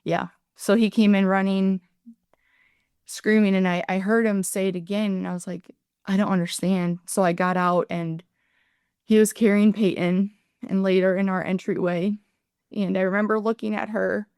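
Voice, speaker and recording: Smooth-voiced woman in her thirties, earnest. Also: medium pitch, level tone, darkish tone, no room sound, studio quality. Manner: earnest, halting retelling that acts out her own past words. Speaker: guest, ER nurse and paramedic. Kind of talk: podcast interview, personal account.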